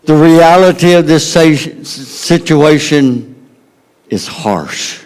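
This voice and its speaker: Slow, dramatic Southern preacher man. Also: expressive. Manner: dramatic, swings from loud emphasis to hushed low tones. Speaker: pastor. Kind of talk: sermon.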